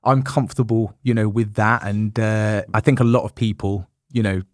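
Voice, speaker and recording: A man's voice: on the low side, steady tone, normal speed, no room sound, clean studio sound. A young man, a guest on a podcast, telling a long anecdote with laughs and apologetic asides. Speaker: guest, endurance athlete. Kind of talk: animated storytelling in a podcast interview.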